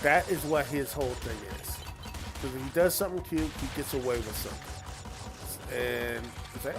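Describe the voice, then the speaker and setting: A man's voice: mid-range voice, moderate pace. A man hosting a game livestream, chatting loosely with lots of fillers while he plays. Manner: rambling, chatty, with many fillers. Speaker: game streamer host. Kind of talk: casual chat while playing a game. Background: video game music.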